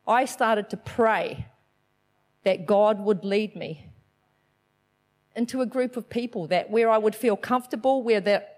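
A middle-aged woman giving a chatty, animated church message, telling a personal story with self-deprecating laughs. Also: on the high side. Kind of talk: personal testimony sermon.

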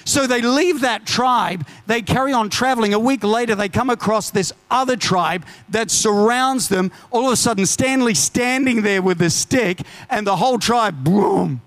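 A man preaching a sermon, telling stories with lively asides and urgent declarations. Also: high-pitched, moderate pace, hardly any pauses.

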